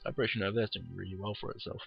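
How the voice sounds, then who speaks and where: A man's voice: fairly low pitch, fairly even intonation, racing, vocal fry, breathy edge, dull audio, soft background music. A tired man who yawns now and then, giving casual, rambling, blunt commentary on a game replay and swearing freely. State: tired, yawning.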